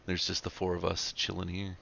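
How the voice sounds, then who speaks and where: A man's voice: sits low, monotone, fairly quick, gravelly, pushed and bright, muffled recording, a little hiss or hum. A man chatting casually in a roleplay game stream, joking around and sometimes slipping into mock accents. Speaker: streamer playing a public defender.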